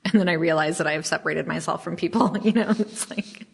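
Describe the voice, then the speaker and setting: Low-voiced woman, memoir writer on a podcast, chatty and self-mocking, lots of "like, you know". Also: quick pace, vocal fry, slightly rough. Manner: chatty, self-deprecating, many fillers. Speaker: memoir author, podcast guest. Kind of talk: casual interview chat.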